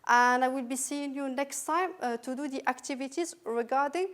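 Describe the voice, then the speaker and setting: A woman with a high, light voice and a French accent walks students through English sounds. She is patient and careful, repeating each example word slowly and clearly. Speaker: English teacher. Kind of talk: recorded phonetics lesson.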